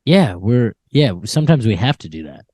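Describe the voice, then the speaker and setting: Lively, punning man, comedy podcast co-host. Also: mid-range voice, normal speed, no room sound, clean studio sound. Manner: playful, laughs often, goofy puns. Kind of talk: casual comedy chat.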